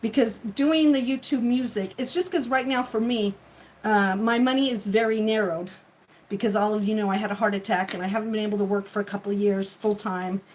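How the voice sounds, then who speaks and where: A woman's voice: mid-range voice, steady tone, brisk, a little mellow, low-quality recording. A woman hosting a livestream in casual chat, rambling and chatty with many fillers. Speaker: livestream host.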